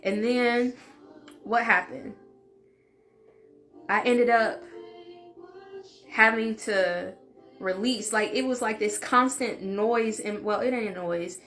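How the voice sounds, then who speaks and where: A woman's voice: on the high side, slow, pauses often, fairly bright tone, soft background music. A woman vlogger telling a personal story in a casual, open way, often saying "like". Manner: chatty, open, fills speech with "like".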